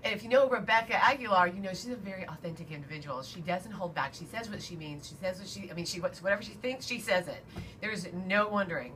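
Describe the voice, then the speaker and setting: A woman's voice: lowish voice, fast talker, a bit bright, a little hiss or hum. A woman co-hosting a radio talk show, telling a reflective personal story.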